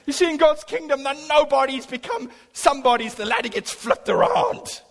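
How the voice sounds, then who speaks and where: A man preaching a sermon, telling a personal story with emphatic swings between loud and hushed delivery. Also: very high-pitched, lively intonation, normal speed, vocal fry. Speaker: pastor. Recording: long hall reverb.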